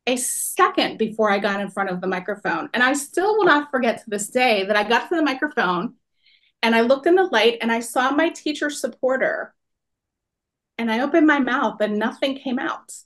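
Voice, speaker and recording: Woman, 40s, expressive motivational speaker, slightly high voice. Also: moderate pace. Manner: animated, expressive storyteller addressing audience. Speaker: workshop speaker. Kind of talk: personal storytelling talk.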